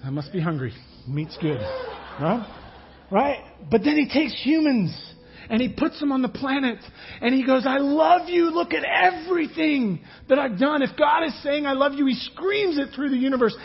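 High husky voiced pastor guy preaching, big swings down to quiet, dull lo-fi sound. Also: moderate pace. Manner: animated preaching, acts out quotes, drops to hushed tones. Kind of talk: sermon.

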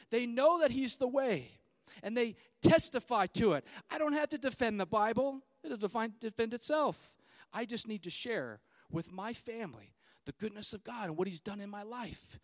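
A man in his thirties preaching a sermon, swinging between loud, fiery declarations and hushed, quiet stretches. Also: extremely high pitch, no room sound. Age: 30s. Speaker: pastor.

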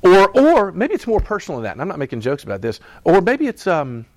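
A man's voice: high-pitched, huge pitch swings, fast, no echo. A man preaching a sermon in a conversational style, acting out quoted voices and laughing as he goes. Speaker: pastor.

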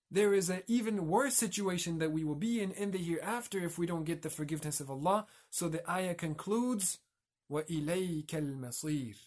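A man giving a reflective religious talk as a teacher, explaining and carefully pronouncing Arabic terms. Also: fairly high pitch.

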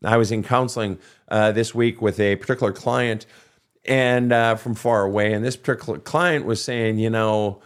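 A man's voice: lowish voice, steady tone, moderate pace, clean tone. A middle-aged man hosting a podcast, answering listener questions in a blunt, profane, emphatic way. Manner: quotes people in mocking voices. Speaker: podcast host and counselor. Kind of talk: casual advice monologue.

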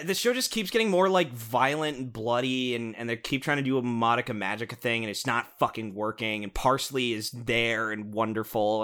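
Bright-voiced man ranting animatedly. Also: medium pitch. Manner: animated, profane, sarcastic ranting with restarts. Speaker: podcast co-host reviewing a show. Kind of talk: casual podcast chat.

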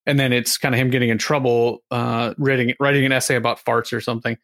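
Man, fast rambling recap of scenes, dry close sound. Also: mid-range voice, little pitch movement, fairly bright tone, no echo. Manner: rambling, acts out lines from scenes. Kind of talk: casual chat recapping a movie.

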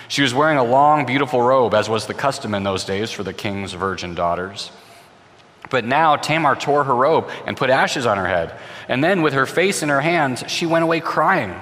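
Expressive man retelling a Bible story. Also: mid-range voice. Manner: expressive, voices the characters, repeats words when restarting. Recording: long hall reverb.

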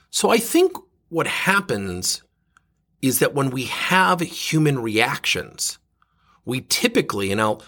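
Guy giving a motivational talk, husky bright voice, jumps way up and drops way down. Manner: animated storyteller, swings from loud emphatic highs to low quiet asides. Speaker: speaker and workshop coach.

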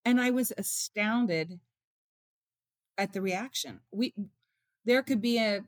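A woman in an interview, talking at a middle pitch in an earnest, heartfelt way. She tells her stories by bringing in what others said, and her voice sounds close and dry with no room around it. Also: slow, dry recording. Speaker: author and mother, interview guest.

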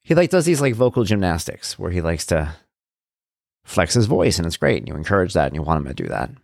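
Lively low-voiced man telling a story. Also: a little fast, creaky, no room sound, studio quality. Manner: animated, acts out quoted voices. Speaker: father sharing personal stories. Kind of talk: casual personal storytelling.

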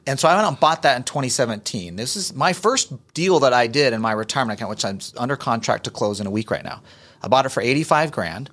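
A man's voice: medium pitch, lively intonation, fast, fairly bright tone. A man co-hosting a podcast, speaking enthusiastically in a casual chat. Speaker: podcast co-host.

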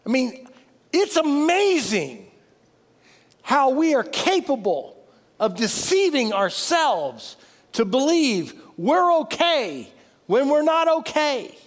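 A high-pitched man preaching a sermon, his voice carried on a long reverb that suggests a large hall. He is emphatic, driving up to loud peaks and then dropping low and quiet. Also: sing-song, slow. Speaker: pastor.

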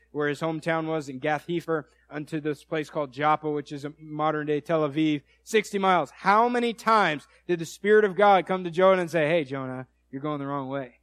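Male preacher, casual storytelling sermon, lively retold quotes, dry close sound. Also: fairly high pitch, dry recording. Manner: conversational, animated storytelling with acted quotes.

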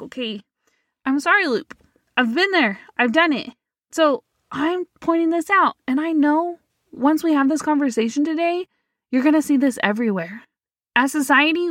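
A woman hosting her own podcast, talking alone to her listeners in a sassy, emphatic and animated way. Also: high-pitched, no room sound. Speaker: podcast host. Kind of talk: solo motivational podcast talk.

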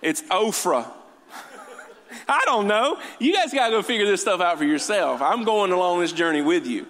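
A high-voiced man preaching to a congregation, quipping in lighter moments and then pressing his point with rising fervor. His voice carries a long reverb through a large church hall. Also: fast. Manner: animated, joking asides, builds to fervent exhortation. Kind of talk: sermon.

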